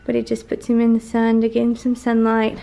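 Tired, chatty new mom vlogging. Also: female voice, a little high, completely flat delivery, a little fast, gravelly, dark tone, rough recording. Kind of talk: casual home vlog chat. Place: home living room.

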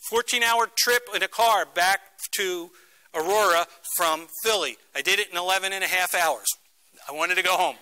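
Bright, forceful and high, the voice belongs to a middle-aged man from Philadelphia giving a guest lecture to students in a university lecture room. His storytelling is dramatic, and he acts out each quoted voice.

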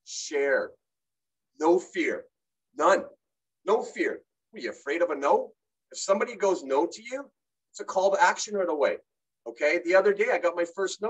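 A middle-aged man giving an energetic, repetitive motivational talk as a sales coach, punctuating his points with "okay?". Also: sits high, low-quality recording. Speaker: network marketing coach.

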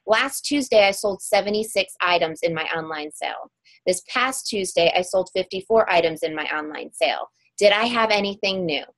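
A woman's voice: mid-range voice, a bit bright. A woman giving an emphatic, motivational talk on online sales during a webinar. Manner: emphatic, upbeat pep-talk delivery.

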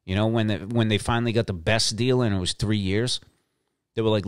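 Brash, swearing man with a low voice. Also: a little fast, clear, resonant tone, no room sound, clean studio sound. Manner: brash, swaggering, heavy cursing; repeats lines for emphasis. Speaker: podcast host. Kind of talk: profane casual monologue.

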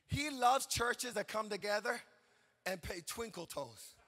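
A male pastor preaching an impassioned sermon, shouting and chanting in a sing-song cadence with repeated phrases. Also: sits high, lively intonation, unhurried.

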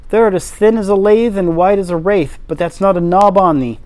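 A man voicing a gruff old Yorkshire gardener who speaks in broad dialect with a shaky, hoarse voice. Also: sits high, a little fast, darkish tone, natural voice.

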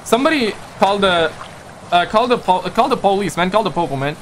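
Reading viewer comments aloud on his live stream, a man from Pakistan with Urdu as his first language jokes, rambles and uses playful slang in casual chat. He talks fast in a high, expressive voice, with slight background noise.

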